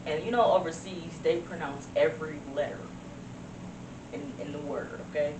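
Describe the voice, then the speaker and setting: A woman co-hosting a podcast in casual chat, ranting in a loud, profane way and mimicking callers. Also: low-pitched, fairly even intonation, normal speed. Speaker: podcast co-host. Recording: roomy, distant mic with noise.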